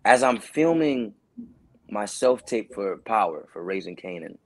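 A Brooklyn, New York man, guesting as an actor, tells casual, slangy stories in a lowish voice at a slightly slow pace. He's animated and does voices, and the recording has no room sound.

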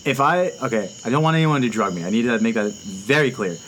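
A man's voice: mid-range voice, fast talker, a bit bright. A man hosting a casual chat, joking and telling his own short take. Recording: faint background noise.

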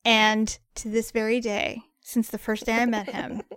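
Emphatic Midwestern woman, slightly high voice. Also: level tone, unhurried, fairly bright tone, clear, resonant tone, dry recording, clean studio sound. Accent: Midwestern American. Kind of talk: casual chat.

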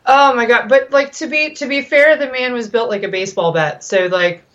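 Animated woman telling stories on a muffled line. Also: moderate pace. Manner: animated storyteller, swoops high when excited. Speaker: regular guest. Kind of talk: candid casual chat.

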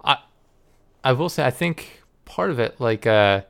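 A man's voice: mid-range voice, animated, unhurried, gravelly, clean tone. A man hosting a casual chat, rambling and hesitant, full of fillers.

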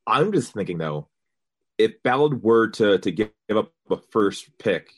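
A man's voice: lowish voice, very animated, measured pace. A man co-hosting a podcast in casual sports chat, making wry, dry jokes with hesitant restarts. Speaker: podcast co-host.

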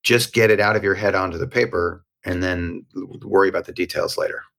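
A man's voice: low-pitched, fairly quick, vocal fry. A man being interviewed, telling a personal story in a candid, conversational way and acting out the dialogue. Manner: animated, acts out quoted dialogue. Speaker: interview guest.

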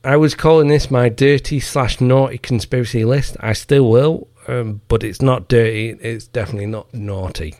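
Male podcast host, gravelly voice, dry close sound, sweary heated commentary. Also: mid-range voice, normal speed, few pauses, a little mellow, no room sound. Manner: profane, heated, mocking. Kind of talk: ranting commentary.

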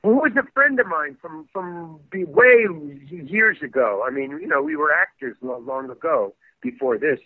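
An older man, a guest actor on a podcast, rambles through stories and animatedly acts out the people in them. His slightly rough, higher-pitched voice moves at normal speed with hardly any pauses, over a dry, tinny, phone-like line.

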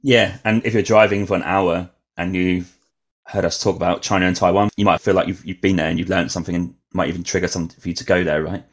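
A man's voice: sits low, fairly even intonation, quick pace. A man hosting a travel podcast, talking casually and ending his points with a questioning "right?". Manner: conversational, ends points with "right?". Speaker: podcast host. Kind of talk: casual interview.

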